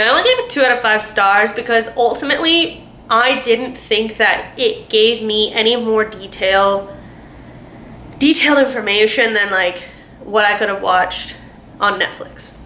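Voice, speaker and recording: A woman's voice: on the high side, sharp tone. Chatty young woman in an echoey room. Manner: chatty, rambling, lots of fillers, acts out quotes. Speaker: booktuber. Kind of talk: casual book review. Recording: echoey room, faint noise.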